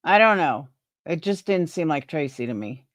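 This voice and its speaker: A woman's voice: sits low, animated, moderate pace, dry recording, studio quality. A woman live streamer chatting casually with her viewers, opinionated and rambling, restarting her sentences.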